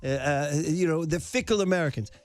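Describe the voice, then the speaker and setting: A man hosting a sports talk radio show, animated and joking in a slangy, casual way. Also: on the high side, brisk, soft background music.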